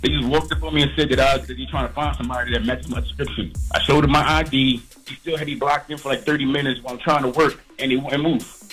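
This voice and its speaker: A man's voice: medium pitch, fairly even intonation, fast talker, fairly bright tone, breathy edge, soft background music, poor audio. A man calling into a radio show, earnest, repeating himself and stumbling over words. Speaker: caller. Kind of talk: radio call-in.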